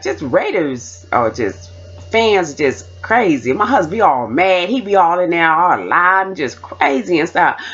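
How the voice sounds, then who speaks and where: A woman's voice: sits low, husky, dull audio. A woman vlogger chatting casually and rambling to her camera.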